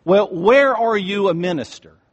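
A man's voice: medium pitch, lively intonation, rapid-fire, a little mellow, husky, big-room sound, dull audio. A man voicing a nosy woman working as a diner waitress, who asks her questions with a raised, prying voice.

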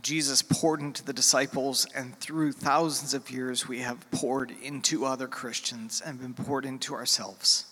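A middle-aged man preaching a sermon as a pastor, earnest and heartfelt, with pauses and fillers. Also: medium pitch, steady tone, pushed and bright. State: emotional, near tears. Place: church sanctuary. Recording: church hall with long reverb.

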